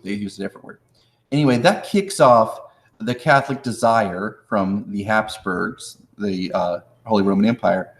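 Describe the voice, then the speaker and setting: Male history teacher, casual and jokey, reviewing for an exam; roomy echo. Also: medium pitch. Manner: casual, joking, talks to viewers in chat; acts out historical figures in slangy voices. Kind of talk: live-streamed exam review. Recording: echoey room.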